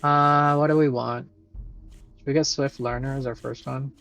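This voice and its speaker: A man's voice: mid-range voice, steady tone, moderate pace, gravelly, fairly bright tone, soft background music, poor audio. Chatty man streaming a game. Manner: chatty, thinks aloud, many fillers and swears. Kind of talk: casual live game commentary.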